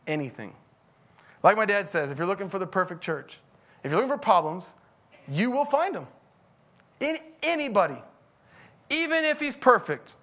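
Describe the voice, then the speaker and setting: A man's voice: high voice, very animated, moderate pace, pauses often, bright, forceful tone. A middle-aged man, a pastor, preaching a conversational sermon that rises into emphatic bursts.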